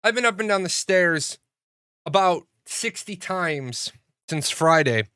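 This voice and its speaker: A man's voice: sits high, animated, takes it slowly, sharp tone, clear, resonant tone, no echo, studio quality. A man streaming live and chatting casually, telling stories in a rambling way with plenty of swearing and restarts. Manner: rambling storyteller, swears freely, frequent restarts. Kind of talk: casual livestream chat.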